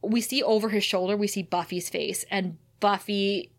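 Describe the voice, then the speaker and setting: A woman co-hosting a podcast, retelling a TV episode in an animated way and laughing often. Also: medium pitch, normal speed. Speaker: podcast co-host. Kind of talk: casual recap chat.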